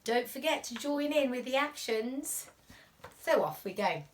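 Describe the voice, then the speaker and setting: A woman teacher reading a picture book aloud to young children, animated and expressive, dropping to whispers at tense moments. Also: high-pitched, measured pace, slight background noise. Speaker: reception class teacher.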